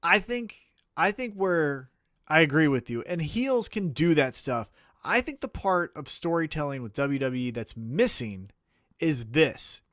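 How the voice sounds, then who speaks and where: A man's voice: on the high side, very animated, a little slow, a bit bright, dry recording, studio quality. A man co-hosting a wrestling podcast in casual chat, talking with profanity and acting out mock quotes.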